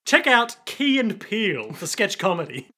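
A man's voice: high-pitched, big pitch swings, bright, forceful tone. A man co-hosting a casual podcast, recapping an episode and playfully acting out the characters' lines. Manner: playful, acts out characters' lines in quick voices. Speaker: podcast co-host.

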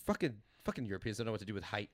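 A man in his thirties from Los Angeles, a comedian hosting a podcast, telling a rambling story with animated energy and laughing as he goes. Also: on the low side, very fast, crowd noise. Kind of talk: casual storytelling chat.

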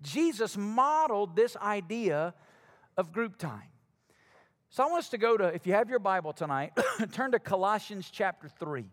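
A man's voice: high-pitched, big pitch swings, moderate pace, a bit bright. A man from Alabama with a Southern accent, preaching a sermon to his congregation in a conversational way, calling out questions to them. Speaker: pastor. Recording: long hall reverb.

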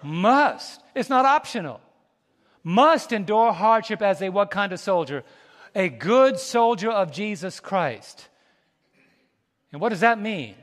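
A male pastor preaching a sermon, folksy and animated, calling out to the congregation and laughing between stories. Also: high-pitched, slow pace, big-room sound. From United States. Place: church sanctuary.

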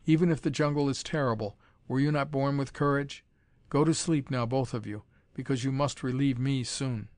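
A man reading an audiobook, voicing a bold young male adventurer in a firm, steady way close to his own voice. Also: mid-range voice, normal speed, dry recording, lightly acted. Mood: hushed.

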